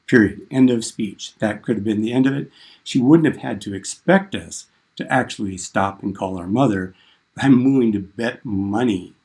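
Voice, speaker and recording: A man's voice: fairly low pitch, a little mellow. A man teaching a class on speechmaking, telling a story conversationally and acting out the lines he quotes. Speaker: instructor.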